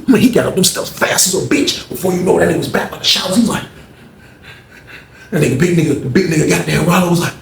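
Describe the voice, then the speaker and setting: In an echoey room with faint background noise, a man animatedly tells a profane story, acting the scene out as he goes. His fairly high voice moves fast and carries vocal fry.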